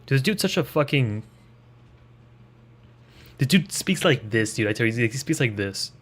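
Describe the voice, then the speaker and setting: A man's voice: medium pitch, lively intonation, normal speed, long pauses, a bit bright. A man live-streaming a video game, chatting casually and ranting with a lot of swearing. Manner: profane, ranting, riffing on the game.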